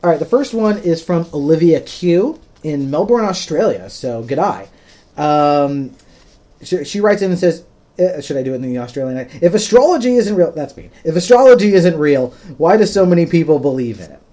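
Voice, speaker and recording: Mellow-voiced man explaining plainly. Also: on the high side, expressive, normal speed. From United States. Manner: patient, plain-spoken explaining with frequent ums. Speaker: podcast host. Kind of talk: casual explanatory podcast talk.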